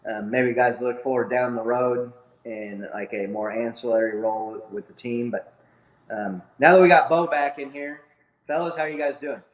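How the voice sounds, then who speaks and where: A man's voice: mid-range voice, little pitch movement, normal speed. A man hosting a casual sports podcast over a video call, rambling with fillers and restarts. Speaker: podcast host. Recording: echoey room sound.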